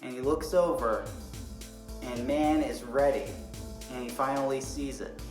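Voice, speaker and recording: A young man co-hosting a casual podcast, retelling a story with animated energy, acting out the lines he quotes and swearing now and then. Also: mid-range voice, unhurried. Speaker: podcast co-host. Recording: echoey room with faint music.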